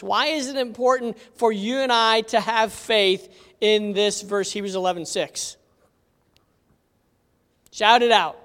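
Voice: mid-range voice, a bit bright, clean tone. A Bible teacher giving an interactive lesson, telling stories with animation and asking the audience questions. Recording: long hall reverb.

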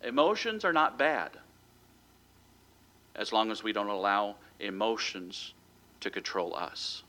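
Pastor, male, bright forceful tone, relaxed storytelling sermon delivery. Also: fairly low pitch, slow. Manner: conversational storytelling with a light chuckle.

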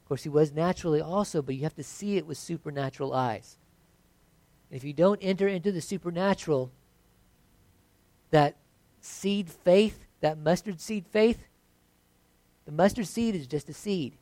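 A man's voice: fairly high pitch, moderate pace, pauses often, darkish tone, no room sound. Man preaching a sermon, dry sound. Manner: conversational preaching, builds to emphatic. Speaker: pastor.

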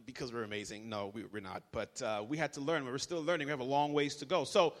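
A young man preaching a lively, joking sermon to a congregation, leading call-and-response. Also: medium pitch, fast talker. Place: church hall. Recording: reverberant hall.

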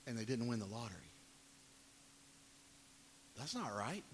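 A man preaching a sermon, reading scripture dramatically, rising to loud pleading and dropping to quiet, low emphasis. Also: big pitch swings, measured pace. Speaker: pastor. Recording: long hall reverb, faint hiss.

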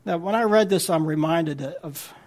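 A man's voice: on the high side, normal speed. A man preaching a sermon as a guest speaker, talking in a conversational way with frequent restarts.

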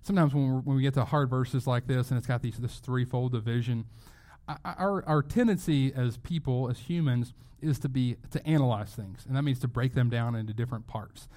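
Man, pastor, sermon, earnest, emphatic, restarts phrases, mid-pitched voice. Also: darkish tone.

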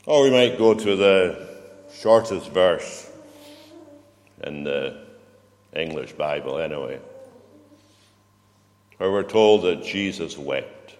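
A man preaching a sermon in a church, slow and reflective, often turning questions to the congregation. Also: sits low, lively intonation, darkish tone. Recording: long reverb of a church hall.

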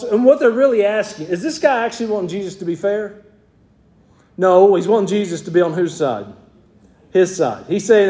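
A pastor with a Southern US drawl delivers a sermon in a mellow, warm tone, his voice sitting a bit higher than most men's. He talks to his congregation like a neighbor and keeps asking them questions. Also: lively intonation, moderate pace. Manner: conversational preaching with rhetorical questions to the congregation.

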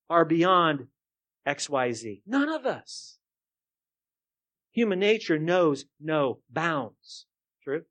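A male pastor with a somewhat high-pitched voice delivers a sermon. He sinks to near murmurs, then climbs into loud, rising rhetorical questions. He keeps turning to the congregation and asking them to answer. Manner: addresses the congregation directly, asking for responses.

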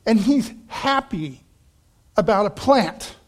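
A man preaching a sermon, telling a story with animated shifts and acting out quoted voices, laughing now and then. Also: high voice, slow. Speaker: pastor.

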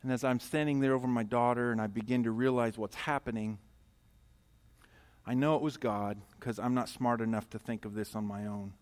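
A middle-aged pastor preaching a sermon, telling a personal story and moving from loud emphatic passages to quiet, intimate ones. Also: male voice, mid-range voice, fairly even intonation, fairly quick.

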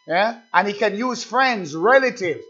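A man's voice: high-pitched, lively intonation, unhurried, a bit bright, husky. A man preaching a sermon, emphatic and repetitive, calling out "amen" between points. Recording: dull lo-fi sound.

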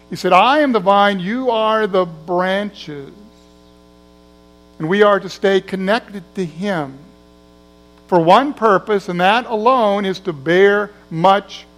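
A man's voice: sits high, low-quality recording. A man preaching a sermon in a conversational way, acting out the voices of people in his story. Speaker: pastor.

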